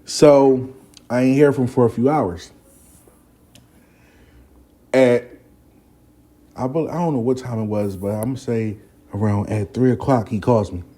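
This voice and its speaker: A man telling a story on his own show, loose and swearing freely. His voice is dark and mellow, with an ordinary pitch for a man. He jumps into little impressions whenever he quotes someone. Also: unhurried, long pauses. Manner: profane, animated, acts out the people he quotes. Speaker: host. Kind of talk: casual storytelling.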